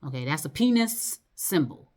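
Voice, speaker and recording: A woman's voice: low voice, very animated, moderate pace, darkish tone. A woman talking in a loose, rambling monologue, full of fillers, restarts and swearing. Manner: rambling, loose and profane, lots of fillers and laughs.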